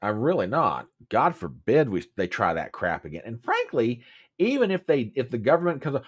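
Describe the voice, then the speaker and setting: A man's voice: mid-range voice, sing-song, fast talker. A Southern American man hosting a casual political commentary livestream, chatty and emphatic, repeating phrases and answering viewers by name. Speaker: host.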